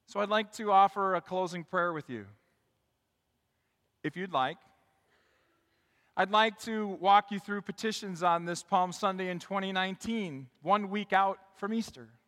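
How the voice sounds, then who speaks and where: A male pastor preaching a sermon, building to loud, emphatic calls and leading his congregation in call and response. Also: sits high, big-room sound. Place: church sanctuary.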